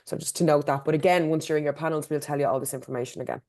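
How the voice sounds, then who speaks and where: An Irish woman on a video call running through the logistics in a brisk, practical way. She talks very quickly in a deep, dark voice. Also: steady tone. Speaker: event organiser. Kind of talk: online meeting briefing.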